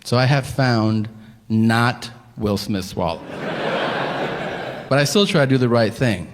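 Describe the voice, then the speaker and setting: A male stand-up comedian tells a story on stage at an unhurried pace, his medium-pitched voice exasperated and profane. The echoey venue adds faint ambience, along with a little hiss or hum.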